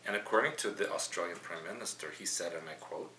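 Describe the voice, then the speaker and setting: A man's voice: low-pitched, fast, sharp tone. A middle-aged man hosting a news podcast, reading quotes aloud and adding opinionated asides. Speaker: podcast host. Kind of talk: news commentary chat. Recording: roomy, slightly distant mic with faint hum.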